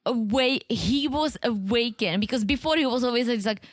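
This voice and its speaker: A woman's voice: a little high, normal speed, no room sound, clean studio sound. A woman co-hosting a podcast, chatting casually and thinking aloud while recapping a reality show. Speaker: podcast co-host.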